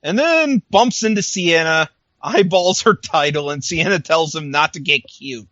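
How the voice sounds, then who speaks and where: A man's voice: a little high, lively intonation, unhurried, bright, forceful tone, no echo, dull audio. A man co-hosting a podcast, chatting casually and animatedly, acting out lines and laughing often. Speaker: podcast co-host. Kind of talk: casual recap chat.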